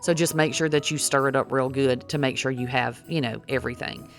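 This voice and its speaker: A woman's voice: extremely low pitch, steady tone, brisk, faint music behind. A middle-aged woman, chatting folksily through a cooking demonstration and talking to viewers as y'all. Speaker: cooking vlogger.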